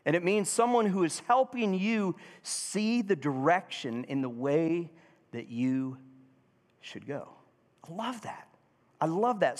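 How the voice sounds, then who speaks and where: A man preaching a sermon as pastor, asking the congregation questions and having them repeat words. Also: a little high. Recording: hall reverb.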